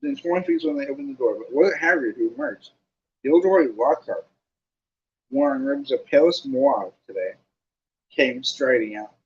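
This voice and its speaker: A man narrating an audiobook, reading lively with casual asides. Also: medium pitch, normal speed, highs cut off.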